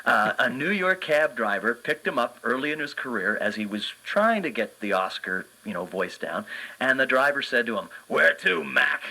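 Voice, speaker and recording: A man's voice: mid-range voice, expressive, moderate pace, sharp tone, low-quality recording. A man who works as a children's entertainer and magician, speaking earnestly and enthusiastically as a guest in a radio interview, with many fillers and restarts.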